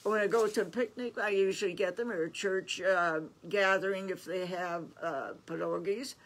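A woman's voice: medium pitch, fairly even intonation, moderate pace. An older woman co-hosting a live craft stream, chatting in a sweet, gushing way. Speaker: co-host. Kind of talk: casual chat on a craft stream.

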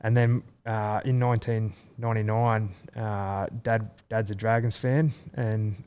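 A man's voice: fairly low pitch, little pitch movement, a little slow, a little mellow, clean tone. An Australian man in his thirties, a rugby league player chatting as a guest, rambling with many fillers and restarts. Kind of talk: casual chat.

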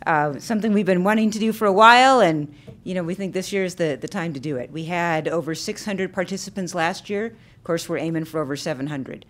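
A woman speaks on behalf of a community organization, promoting an event in an upbeat, friendly way. Her voice sits slightly low. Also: fairly quick, slight background noise. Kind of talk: public announcement at a council meeting.

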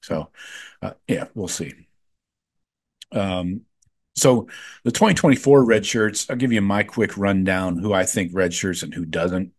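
On his sports podcast, the man speaks in a deep voice and keeps a moderate pace. The talk is loose and offhand, packed with fillers and blunt takes.

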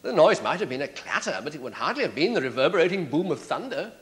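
An actor playing a sharp, sardonic prosecutor cross-examining a witness in a courtroom drama. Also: male voice, on the high side, big pitch swings, quick pace. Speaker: prosecuting barrister.

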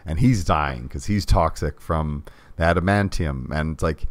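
Male podcast co-host, extremely deep voice, loose rambling delivery, dry mic. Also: normal speed, no room sound. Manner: rambling, many "like" fillers, trailing off softly. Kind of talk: casual movie discussion.

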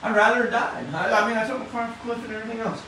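A man preaching an informal sermon in a fast, excited, conversational way, with casual slang. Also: very high-pitched. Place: church hall. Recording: echoey room from far off, faint noise.

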